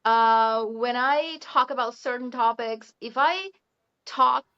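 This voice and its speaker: Chatty Brazilian woman, higher voice. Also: takes it slowly, clean tone. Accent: Brazilian Portuguese. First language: Portuguese. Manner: chatty, laughs often, many "you know" fillers. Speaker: guest, English teacher. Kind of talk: casual interview chat. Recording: muffled lo-fi audio.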